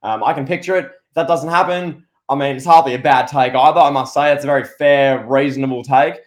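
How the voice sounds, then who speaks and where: A man co-hosting a casual wrestling podcast, talking in a rambling, excitable way with lots of restarts. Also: medium pitch, a little fast. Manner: rambling, excitable, full of restarts and playful impressions. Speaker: podcast co-host.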